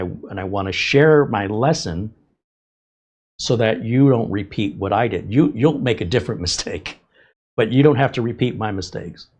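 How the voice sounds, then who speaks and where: A man's voice: on the low side, breathy edge. A man hosting a tech livestream, talking in a candid, emphatic, rambling way about his own mistakes. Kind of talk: casual livestream talk.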